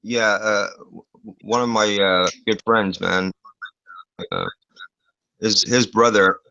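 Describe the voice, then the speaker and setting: A man's voice: fairly low pitch, fairly even intonation, slow pace, gravelly, sharp tone, no room sound, highs cut off. A man telling a crude, rambling story on a video call, swearing often and full of fillers. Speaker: online show host.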